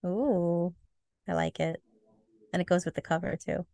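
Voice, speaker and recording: A woman's voice: fairly low pitch, steady tone, gravelly, dark tone, no echo, studio quality. A young woman co-hosting a book podcast in casual chat, joking and laughing often. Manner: joking, playful, quick to laugh.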